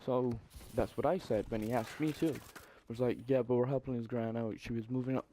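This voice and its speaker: A young man telling a story in a casual, profane, animated way, with exasperated asides. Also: medium pitch, a little fast, a little hiss or hum. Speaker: vlogger.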